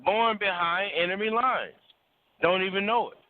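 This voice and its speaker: A man with a fairly high voice lectures bluntly and preachily, swearing freely and hammering points by repeating words. He is heard over a thin, phone-like call line with little low end. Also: moderate pace. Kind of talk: casual call-in talk about relationships.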